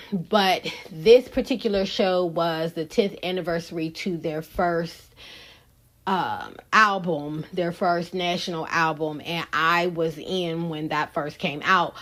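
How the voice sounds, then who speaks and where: A woman hosting a podcast, chatting casually and frankly to her listeners. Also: lowish voice. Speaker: podcast host. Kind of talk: casual solo podcast chat.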